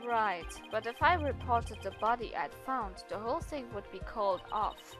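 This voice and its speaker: A woman's voice: fairly high pitch, expressive, moderate pace, over music, voice pushed down, close to an everyday voice. A woman voicing a smug, aloof young man who speaks curtly and coolly.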